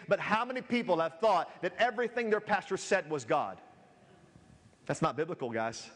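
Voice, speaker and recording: A man's voice: high voice, expressive, moderate pace, fairly bright tone, long reverb tail. A man preaching a sermon as a pastor, reading scripture aloud and building in intensity.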